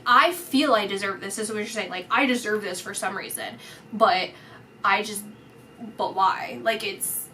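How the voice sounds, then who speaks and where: A woman giving a psychic reading, talking in halting phrases that restart often with filler words. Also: mid-range voice, bright, forceful tone, slight background noise. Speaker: psychic reader. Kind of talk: intuitive reading, spoken to the camera.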